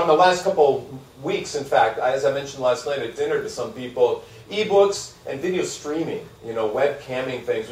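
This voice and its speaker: A man giving a live university lecture, animated and asking his audience questions. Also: mid-range voice. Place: lecture hall. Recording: echoey hall, speaker far from mic.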